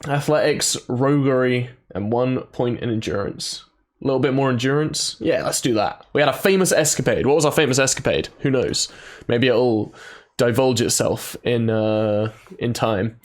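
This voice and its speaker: A man's voice: medium pitch, expressive, normal speed. A man giving casual, jokey let's-play commentary and reading game text aloud. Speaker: gaming YouTuber. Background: game soundtrack music.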